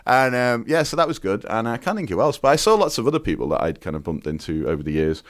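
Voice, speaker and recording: A man's voice: mid-range voice, sing-song, quick pace, no room sound, studio quality. A man from the UK chatting as a podcast guest, telling rambling stories full of fillers and restarts. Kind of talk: casual chat.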